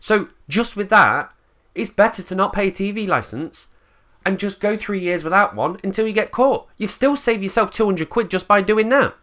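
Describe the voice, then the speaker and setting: A man's voice: sits high, animated, normal speed, a bit bright. Blunt, sweary English man ranting. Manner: blunt and sweary, acts out quotes in put-on voices. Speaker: channel host. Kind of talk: casual ranting monologue.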